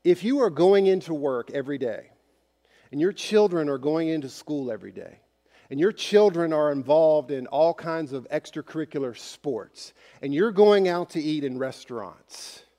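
Pastor guy preaching, chatty and direct with the congregation, kinda high voice, big echoey church sanctuary. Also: dark tone. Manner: conversational, speaks straight to the congregation. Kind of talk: sermon.

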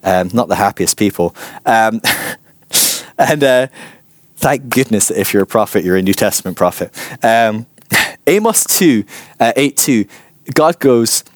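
A man giving an informal church teaching, chatty and animated, acting out voices in his stories. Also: lowish voice, measured pace, pauses often, no room sound. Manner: chatty, animated, acts out quotes.

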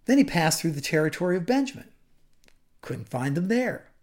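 A male preacher retells a story during a sermon in an animated way. He adds humorous asides and lets his delivery swing between hushed and emphatic. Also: high-pitched, normal speed.

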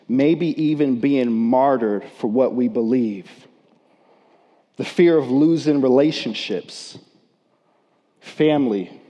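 A man's voice: medium pitch, dark tone. A man preaching a sermon with emphasis, acting out the voices of the people in his story in casual, slangy talk. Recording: long hall reverb.

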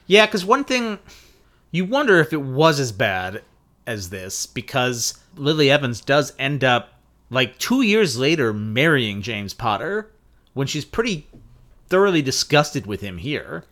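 A podcast cohost in casual chat, agreeable and measured. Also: medium pitch, big pitch swings, fairly bright tone.

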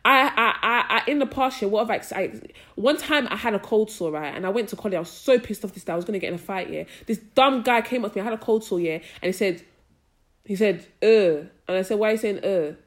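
A young woman talks casually on a podcast. She keeps checking that you follow her, and she gets loud and animated whenever a story riles her. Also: medium pitch, fast talker. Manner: chatty, frequent "do you know what I mean", gets loud and animated when ranting. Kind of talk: casual chat.

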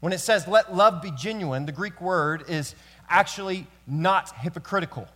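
A man's voice: sits high, normal speed, a bit bright. Male pastor preaching in a reverberant church. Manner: conversational storytelling, addresses the men in the room. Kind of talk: sermon. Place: church sanctuary.

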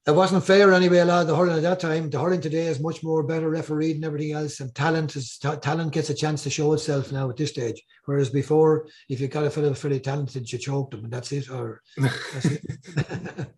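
An older Irish man telling rambling, animated stories as a guest on a casual podcast. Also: fairly high pitch, fast, few pauses. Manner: rambling, animated anecdotes with repeated words.

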